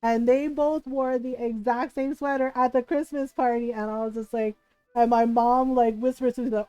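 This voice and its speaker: High-voiced chatty woman streamer. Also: normal speed, smooth, dry recording, faint music behind. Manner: animated storyteller, laughs often, many "like" fillers. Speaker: game streamer. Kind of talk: casual chat while playing a game.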